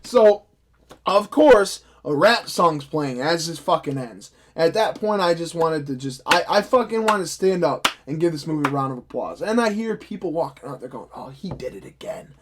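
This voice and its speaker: A young man with a high-pitched voice rants through a film review, cursing freely. He sounds sarcastic and exasperated throughout, talking to the camera like a fed-up vlogger. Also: animated, moderate pace, a little hiss or hum. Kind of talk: ranting vlog review.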